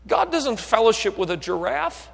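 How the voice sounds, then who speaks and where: A man's voice: very high-pitched, big pitch swings, moderate pace, vocal fry. Preaching man in an echoing hall. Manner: builds from quiet talk to shouted fervor; asks the crowd if they are listening. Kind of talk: sermon. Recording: long echo of a hall.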